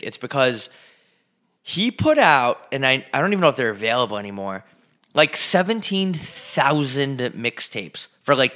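A man's voice: mid-range voice, bright, forceful tone. A man co-hosting a casual podcast from his living room, ranting profanely and emphatically, a little out of breath. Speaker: podcast co-host.

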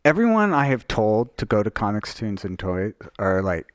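Lively, joking podcast co-host man. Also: lowish voice, moderate pace, smooth, no room sound, studio quality. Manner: animated, joking, swears freely. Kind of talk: casual chat.

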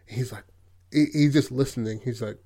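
A man at an ordinary middle pitch, chatting casually as he walks a listener through a film's story. His talk is loose and profane, peppered with "like" and "you know what I mean." It is relaxed podcast storytelling. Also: moderate pace. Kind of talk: casual retelling of a film plot.

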